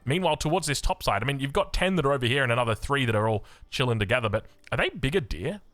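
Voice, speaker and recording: A man's voice: rapid-fire, no room sound. A young Australian man casting a strategy game, chatty and upbeat, wandering into rambling asides. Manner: chatty, rambling asides, lively swings in pitch. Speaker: game caster. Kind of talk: energetic esports commentary.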